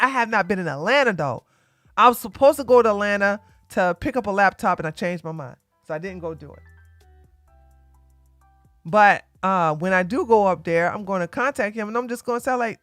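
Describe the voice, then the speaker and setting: A woman hosting a livestream, talking to viewers in a blunt, emphatic and preachy way that swings from loud to quiet. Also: medium pitch, no room sound. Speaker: livestream host. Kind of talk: casual livestream chat.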